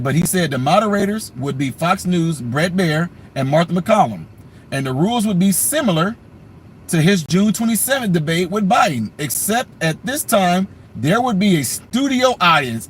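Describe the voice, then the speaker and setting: A man hosting a political commentary vlog who rants emphatically and speaks directly to his audience. His voice sits high for a man. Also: a bit bright, slight background noise. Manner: emphatic, ranting, talks straight to viewers.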